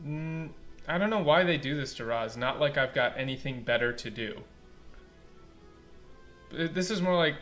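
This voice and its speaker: Male let's play commentator, blunt and animated, bright edge, faint game music under him. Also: mid-range voice, moderate pace, pauses often. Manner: animated, blunt, casual swearing, many "like" fillers. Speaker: game localization critic.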